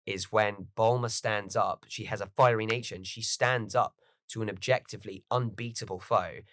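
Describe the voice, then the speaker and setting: A man hosting a podcast, chatting casually and excitedly as a fan, swearing freely. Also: on the low side, normal speed, a little hiss or hum. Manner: animated, swearing, fan enthusiasm. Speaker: podcast host. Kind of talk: casual chat.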